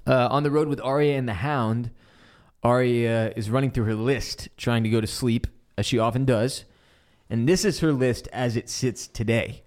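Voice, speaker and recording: A man co-hosting a podcast, casually recapping a TV episode with lively retelling and bits of swearing. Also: mid-range voice, normal speed. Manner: animated retelling, acts out character quotes, swears casually. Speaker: podcast co-host.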